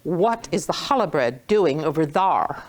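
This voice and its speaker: A woman's voice: low-pitched, lively intonation. A woman teaching a Hebrew reading lesson to a small class, patient and playful, stretching out key words. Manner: patient, playful, drawn-out words when stressing.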